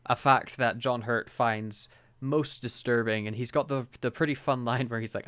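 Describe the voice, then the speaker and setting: A man's voice: medium pitch, fairly even intonation, moderate pace, fairly bright tone, clean tone, no room sound. Chatty man recapping, dry sound. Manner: laughs often, quotes characters in put-on voices. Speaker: podcast co-host. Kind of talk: casual chat recapping an episode.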